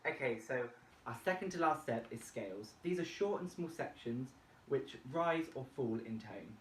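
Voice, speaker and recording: A man presenting a vocal warm-up tutorial and explaining each step plainly. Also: medium pitch, expressive, moderate pace, a little hiss or hum. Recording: echoey room, distant mic, faint music. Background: faint backing music from a laptop.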